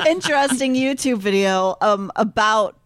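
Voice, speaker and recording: A woman co-hosting a podcast, chatting quickly with plenty of giggles and groans. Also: on the high side, very animated, a little hiss or hum. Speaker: podcast co-host. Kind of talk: casual comedic chat.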